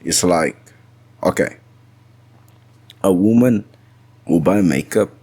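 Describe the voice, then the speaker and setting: Deep-voiced man in casual chat. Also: takes it slowly, dark tone, breathy edge, no room sound. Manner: earnest, stammering restarts. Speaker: podcast guest.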